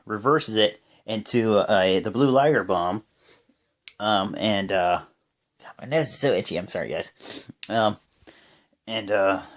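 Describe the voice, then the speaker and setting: Running through a wrestling show as a vlogger, this young man gives a loose, filler-heavy play-by-play punctuated by sudden excited outbursts. His voice sits in the mid range.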